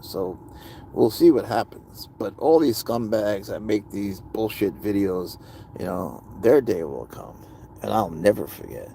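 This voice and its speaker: A man with a lowish, gravelly voice rants with anger and a lot of swearing in a casual livestream monologue. A faint hiss of noise sits under the recording. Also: lively intonation, unhurried, mellow. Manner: angry, profane ranting. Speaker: livestream host.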